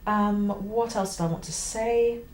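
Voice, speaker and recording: A woman teaching the oboe, talking through a piece with clear, emphatic explanations and the odd sung phrase. Her voice carries in a roomy space with a faint hiss behind it. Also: mid-range voice, a little slow. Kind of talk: instructional explanation.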